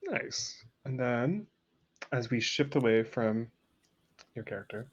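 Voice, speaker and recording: A man's voice: mid-range voice, expressive, slow, breathy edge. Easygoing man game master, dull mic. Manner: easygoing, prompting players with questions. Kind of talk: running a tabletop game.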